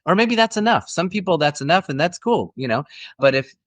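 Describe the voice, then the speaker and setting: A man's voice: a little high, animated, brisk, a bit bright, no room sound. A middle-aged man, an actor guest, telling stories in a friendly, casual interview chat with frequent restarts.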